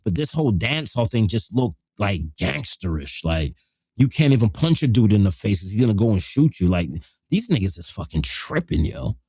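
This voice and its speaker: A man's voice: lowish voice, normal speed, slightly rough, no room sound. Middle-aged guy hosting a live stream, swearing through a story, dry close mic. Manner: profane, animated street storytelling. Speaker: live show host. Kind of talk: casual storytelling.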